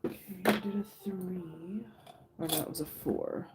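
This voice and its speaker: A woman's voice: lowish voice, normal speed, heavy background noise. A middle-aged woman hosting a craft livestream, chatting casually with viewers, laughing often and telling loose stories full of fillers. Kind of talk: casual chat with live viewers. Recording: faint music behind.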